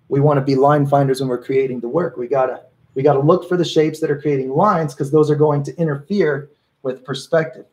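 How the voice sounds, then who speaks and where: A man's voice: a little high, darkish tone, low-quality recording. A man teaching a live painting workshop, explaining his brushwork in a casual, encouraging way and often restarting his sentences as he thinks aloud. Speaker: painting instructor.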